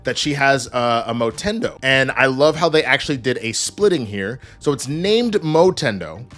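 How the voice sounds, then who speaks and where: A man in his thirties giving an energetic, joking casual spoiler review, swearing and acting out characters. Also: medium pitch, normal speed. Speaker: show reviewer.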